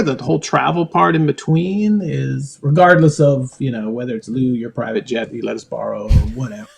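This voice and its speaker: Gravelly, animated man guest. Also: medium pitch, a little fast, hardly any pauses. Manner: animated, rambling storyteller. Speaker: podcast guest. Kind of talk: casual interview.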